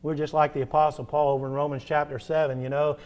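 High-voiced preacher man, emphatic. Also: little pitch movement, dull audio. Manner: emphatic preaching with rhetorical questions; swings between loud stresses and drawn-out soft endings. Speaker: pastor. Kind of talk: sermon.

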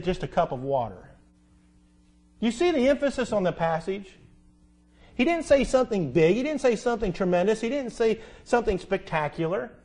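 A man preaching a sermon as pastor, asking rhetorical questions, repeating key phrases and reading scripture slowly. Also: high-pitched. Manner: quotes scripture slowly and deliberately. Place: church sanctuary.

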